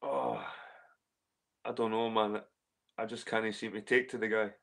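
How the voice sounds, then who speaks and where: A man's voice: on the low side, lively intonation, a little slow, a bit bright. A Scottish man hosting a casual livestream, rambling and swearing as he reads and answers the chat. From Scotland. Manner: rambling, swearing, repeats himself. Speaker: livestream host reading chat.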